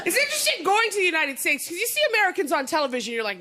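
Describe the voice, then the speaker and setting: Animated woman doing stand-up. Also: sits high. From Canada. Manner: animated, punchy delivery with quick asides. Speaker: stand-up comedian. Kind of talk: stand-up comedy set.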